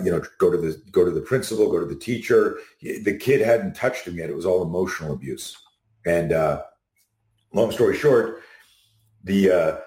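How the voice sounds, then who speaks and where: Deep-voiced middle-aged man telling stories. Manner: animated anecdotes, acts out quotes. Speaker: self-defense instructor, guest. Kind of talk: storytelling in an interview. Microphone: video call. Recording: echoey room.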